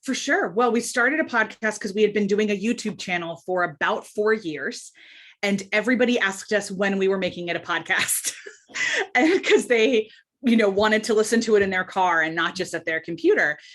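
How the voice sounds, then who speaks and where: Brief: lively woman guest, mid-pitch, animated and chatty, casual interview talk. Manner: animated, chatty, quick asides and laughs. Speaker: podcast guest.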